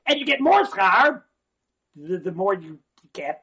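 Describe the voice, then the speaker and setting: A man giving an animated religious talk, swinging from hushed asides to near-shouting and often repeating words. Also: high voice, measured pace, breathy edge.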